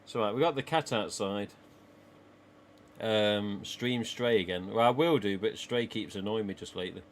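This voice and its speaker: A man's voice: lowish voice, normal speed, slight background noise. Chatty English East Midlands streamer man. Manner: chatty, rambling, laughs often. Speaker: live streamer. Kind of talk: casual chat with viewers. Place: small home office.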